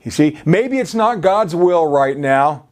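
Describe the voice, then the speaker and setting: High-voiced man preaching a sermon. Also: lively intonation, slow pace, a little mellow. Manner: repeats "you see", restarts often.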